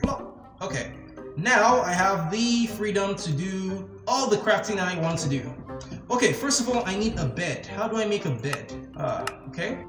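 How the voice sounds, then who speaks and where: A young man talks through his game as he plays, excitable and easily spooked, his voice sitting a little on the high side. The sound is roomy, with game music playing clearly behind him. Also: normal speed. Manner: excitable, jumpy, narrates every step, frequent nervous laughs. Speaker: gaming channel host. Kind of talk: casual gameplay commentary.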